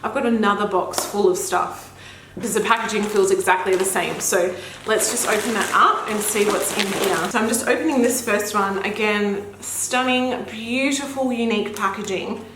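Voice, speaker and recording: A woman's voice: mid-range voice, normal speed, a bit bright, a little hiss or hum. A young woman and mother, gushing and gasping through a makeup unboxing vlog. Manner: gushing, gasps often, effusive exclamations. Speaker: beauty vlogger and mother. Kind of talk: excited unboxing chat. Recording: echoey room with faint ambience.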